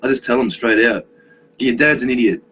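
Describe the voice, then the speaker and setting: A man's voice: medium pitch, a little fast, fairly bright tone, rough recording. Brash, profane man. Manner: brash, profane, joking banter. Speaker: chat participant. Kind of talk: casual online hangout chat.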